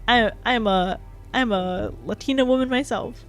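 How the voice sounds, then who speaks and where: A woman's voice: on the high side, moderate pace. Chatty young woman streaming casually. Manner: chatty, rambling, heavy use of "like". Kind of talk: casual live-stream chat. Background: faint background music.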